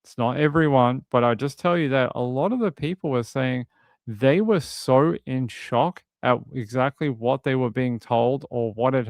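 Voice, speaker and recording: A man talks through a case in casual livestream commentary, rambling a little and reading out viewers' comments. His voice is smooth and clear. It is recorded close and dry, with no room sound. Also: medium pitch, no room sound. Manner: conversational, rambling, reads out chat comments. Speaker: true crime streamer.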